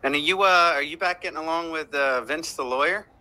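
A man's voice: on the high side, fairly quick, pushed and bright, dry recording, poor audio. A man appearing as a guest on a podcast, chatting casually and hesitantly, with lots of "uh"s. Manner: hesitant, filler-heavy. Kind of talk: casual chat.

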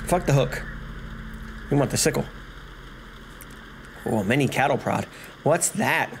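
A man giving casual, profane let's-play commentary, excitable and laughing. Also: medium pitch, unhurried, creaky. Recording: noisy home recording.

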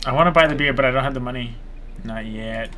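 A man's voice: mid-range voice, fast, pushed and bright, slight background noise. A man streaming a game live, chatting casually, joking, swearing and laughing often.

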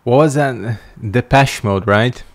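A man's voice: medium pitch, takes it slowly. A male streamer giving casual gameplay commentary, making wry jokes and yawning as he plays. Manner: wry, joking asides while playing. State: sleepy, yawning.

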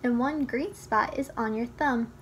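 A woman reading a children's storybook aloud in a gentle, teaching tone that speaks straight to the child listener. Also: a little high, a little slow, slight background noise. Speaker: children's book reader.

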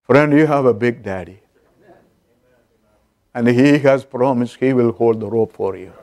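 A man's voice: mid-range voice, unhurried, darkish tone. A man preaching a sermon as pastor, telling an illustration story and calling out to his congregation.

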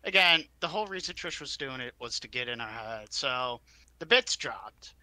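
A man's voice: mid-range voice, animated, moderate pace, bright, forceful tone, dry recording. A man co-hosting a casual comedy podcast, giving a loose, rambling wrestling recap. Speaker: podcast co-host.

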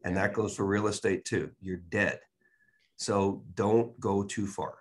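A man's voice: fairly low pitch, steady tone, unhurried. An older man, a guest real estate expert on a podcast, telling stories and giving emphatic, folksy advice. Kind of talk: podcast interview.

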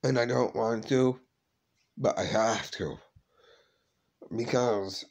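A man hosting his own paranormal vlog, talking haltingly and emotionally, often repeating and restarting his words. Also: medium pitch, fairly even intonation. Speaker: vlog host.

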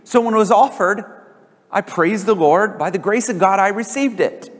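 A man preaching a sermon as pastor, animated and emphatic, his voice often climbing high for emphasis. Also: normal speed. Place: church sanctuary. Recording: church hall reverb.

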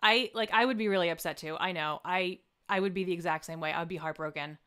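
A woman's voice: fairly low pitch, fast talker, a bit bright, clear, resonant tone. A woman co-hosting a live stream who reads out the chat and reassures her friend with sympathy. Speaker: co-host reading chat.

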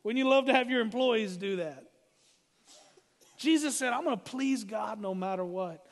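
A man preaching a sermon as pastor, emphatic and slowing down to read scripture. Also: sits high, big-room sound.

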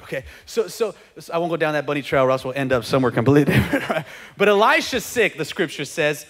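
A man preaching a sermon as pastor, energetic and conversational, with joking asides and frequent checks like "okay?". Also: high-pitched. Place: church sanctuary. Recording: long hall reverb.

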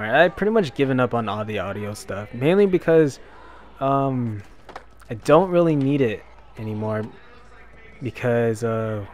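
A young gaming YouTuber rambles through chatty let's-play commentary while playing a skateboarding video game, talking back at the on-screen characters. His mid-range voice comes through a desk microphone with a little hiss or hum.

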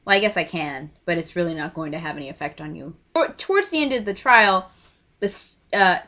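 Bright, gushing young woman vlogger. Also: on the low side, fairly quick. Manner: gushing, excitable, trailing off into quiet asides. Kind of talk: casual storytime chat.

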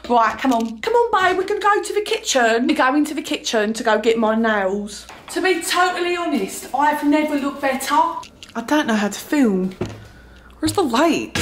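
A woman's voice: high voice, slight background noise. A young woman from Texas putting on an Essex English accent to play a vain, bubbly young Essex girl in a comedic makeup tutorial parody, chatty and gushing, calling everyone babes. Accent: put-on Essex English. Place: indoors at home. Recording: roomy echo, faint music.

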